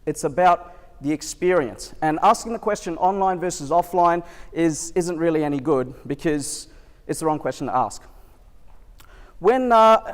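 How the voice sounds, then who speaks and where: Male keynote speaker, higher-pitched voice, chatty storyteller, long hall reverb from a live venue. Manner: chatty storytelling, quizzes the crowd. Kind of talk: live keynote talk to an audience.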